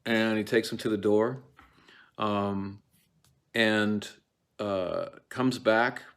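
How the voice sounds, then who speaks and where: The speaker, an actor teaching Shakespeare, has a fairly low, steady, clear and resonant voice with a slightly bright tone. He lectures on a play informally, digressing, using many fillers and restarts, and quickly voicing quoted lines.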